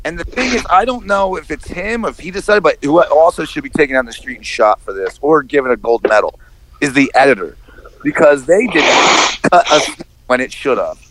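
Animated, profane man co-hosting a podcast. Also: on the high side, brisk, slight background noise, rough recording. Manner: animated, profane, acts out quotes. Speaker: podcast co-host. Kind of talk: casual movie-review chat.

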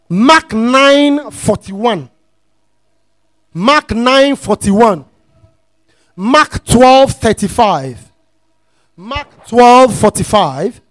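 A man preaching a teaching sermon. He repeats his phrases, checks that the congregation is following, and rises into shouted, sing-song emphasis. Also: very high-pitched, dry recording. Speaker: pastor.

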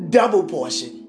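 A woman preaching a sermon with passion, rising to shouts and calling on the congregation. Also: fairly low pitch. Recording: echoey room with faint music.

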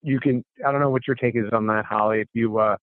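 Speaking quickly with a medium pitch and steady tone, a male real estate investor guest tells the story of a deal in a conversational style. He quotes bits of what the others said and restarts often, on a dry, narrow, phone-like recording with no room sound.

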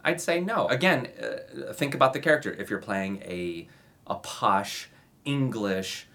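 A man giving acting advice in a relaxed, conversational way, sometimes acting out sample introductions. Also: medium pitch, unhurried, vocal fry. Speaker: acting coach. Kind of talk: casual instructional talk to camera.

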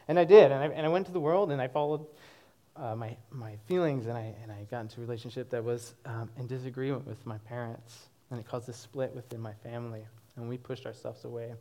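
In a mid-range voice and at a fairly quick clip, a young man in his twenties gives his testimony to a church congregation. He tells it with animation and plenty of laughter.

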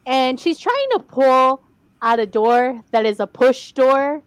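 A woman's voice: high-pitched, slow, smooth, no room sound. Young woman in casual chat, dry. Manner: animated, swearing, mocking. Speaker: podcast co-host.

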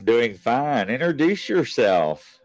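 A man from Kentucky hosting a podcast, losing his voice, introducing and questioning a guest in a folksy, slow way. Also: mid-range voice, sing-song, no echo, faint music behind. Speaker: podcast host. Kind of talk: show host introduction and interview.

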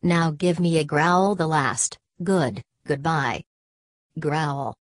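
Brief: woman reading a curt frontier man, gentle with his dog, low and unhurried, dry audiobook sound. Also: no room sound. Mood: tender. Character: gruff middle-aged frontier man, the dog's master. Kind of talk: audiobook reading of a classic novel.

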